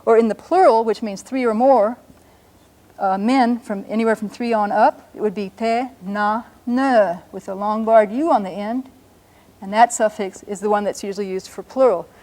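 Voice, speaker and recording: A woman teaching a language lesson on a broadcast show, patiently explaining and slowing down to sound out words. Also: mid-range voice, fairly even intonation, mellow.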